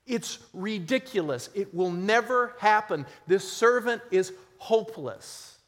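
High-voiced preacher in a reverberant hall. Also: male voice, lively intonation, slow pace. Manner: emphatic preaching, swinging between loud stress and quiet. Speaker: pastor. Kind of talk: sermon.

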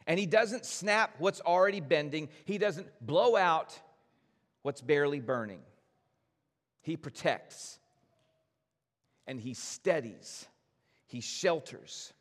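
A man preaching a sermon as pastor, gentle and earnest, addressing his congregation directly. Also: on the high side, in a large hall.

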